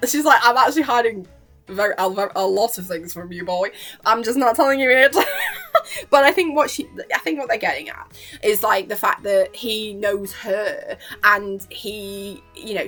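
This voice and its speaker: A woman's voice: medium pitch, fairly bright tone. A young woman chatting casually about a cartoon episode, giggling often and acting out the characters' lines as she gushes. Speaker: YouTuber reviewing a cartoon episode. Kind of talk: casual reaction chat.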